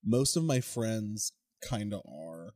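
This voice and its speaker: A man's voice: lowish voice, lively intonation, slow pace, a little mellow. A man co-hosting a podcast, chatting casually and laughing often. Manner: laughs often, playful banter. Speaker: podcast co-host. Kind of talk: casual chat.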